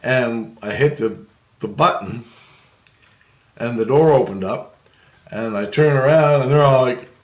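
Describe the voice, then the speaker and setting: A man's voice: mid-range voice, unhurried, long pauses. Guy rambling through a story, laughing a lot, cussing, sounds like he's in an echoey room. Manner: rambling and animated, swears, laughs often, acts out voices. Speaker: storyteller recounting an astral travel experience. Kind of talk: casual storytelling.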